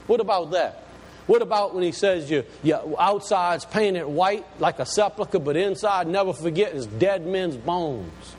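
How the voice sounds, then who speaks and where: A man preaching a sermon, dramatic, swinging between loud exclamations and hushed lines, in a large church. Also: high voice, animated, normal speed. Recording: long hall reverb, faint room noise.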